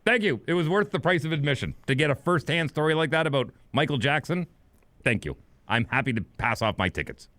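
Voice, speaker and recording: A middle-aged man co-hosting a podcast, telling a long anecdote in a casual, animated way and acting out the people he quotes. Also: a little high, a little fast, dry recording. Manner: animated storyteller, acts out quoted voices. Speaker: podcast co-host. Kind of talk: casual storytelling chat.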